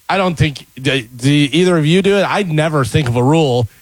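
A man's voice: on the high side, brisk, no room sound. A man co-hosting a radio show in the studio, teasing the host and firmly laying down the rules of a game. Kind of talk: casual on-air banter. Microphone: studio microphone.

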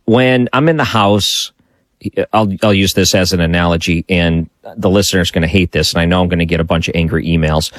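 A man hosting a late-night call-in radio talk show, chatty and musing out loud as he takes calls. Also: deep voice, brisk, dry recording.

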